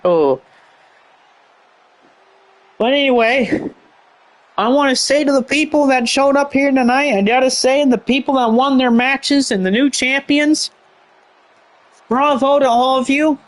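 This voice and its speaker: A man's voice: extremely high pitch, unhurried, pauses often. A man doing rambling play-by-play commentary on a wrestling show, heavy on fillers.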